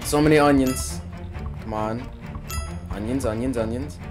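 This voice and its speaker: A man's voice: medium pitch, measured pace, over music. Young man doing jokey game commentary. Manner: jokey, talks to viewers, gets frantic and shouty when panicked. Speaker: gaming video creator. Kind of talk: casual let's-play commentary.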